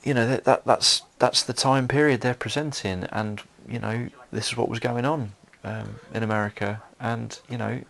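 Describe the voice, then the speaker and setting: A man's voice: mid-range voice, fairly even intonation, moderate pace, creaky, few pauses, a bit bright. A man giving a solo film commentary, rambling with many fillers and restarts.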